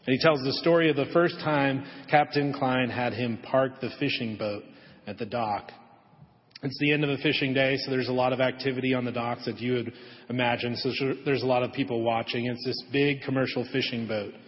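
A man preaching a sermon in a church sanctuary, telling a story gently and dropping to a soft hush on the key lines. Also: medium pitch, steady tone, brisk. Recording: echoey hall, dull lo-fi audio.

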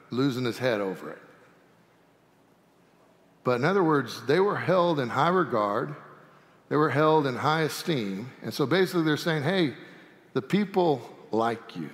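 Folksy pastor in a reverberant sanctuary. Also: male voice, on the high side. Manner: folksy and animated, with humorous asides. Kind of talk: sermon. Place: church sanctuary.

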